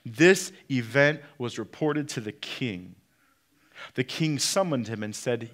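A man preaching a sermon, swinging between loud peaks and quiet drops, and putting direct questions to the congregation. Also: medium pitch, expressive, takes it slowly. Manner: preaching with sharp rises and drops in loudness. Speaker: pastor.

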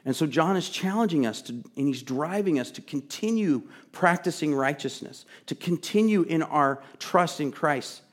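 A man preaching a sermon, earnest and emphatic, chatting with asides and sometimes dropping to a soft, pleading voice. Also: fairly high pitch, animated, moderate pace, few pauses. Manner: drops to a soft, intimate tone to plead. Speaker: pastor.

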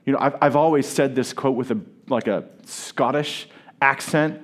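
A male pastor preaching a sermon at a church service, earnest and deliberate, leaning on key words with long pauses, and joking easily with his congregation. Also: medium pitch. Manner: playful banter with the congregation.

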